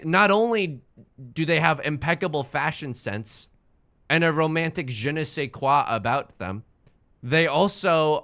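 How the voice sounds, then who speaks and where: A young man talks through a game stream in a loose, rambling way. His voice is bright and forward, and his pitch bounces around a lot. He mocks himself and swears whenever the game trips him up. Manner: rambling, self-mocking, swears when frustrated. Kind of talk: casual gaming stream chat.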